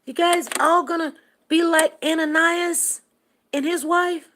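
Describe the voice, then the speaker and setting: A woman's voice: sits high, slow pace, a bit bright, slight background noise. A woman hosting a casual livestream, talking straight to her viewers in an emphatic, preachy way. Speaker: livestream host.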